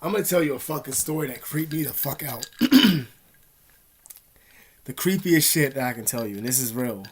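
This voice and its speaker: A young man vlogging from an indoor room, telling a story in a rambling, profane, streetwise way. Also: mid-range voice. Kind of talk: casual storytelling to camera.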